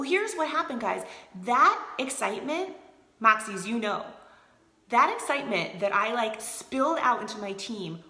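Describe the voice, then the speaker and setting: Bright, upbeat woman in an echoey room. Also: a little high. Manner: energetic, motivational, talks to viewers by name. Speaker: team leader of a direct sales group. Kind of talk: casual live video chat.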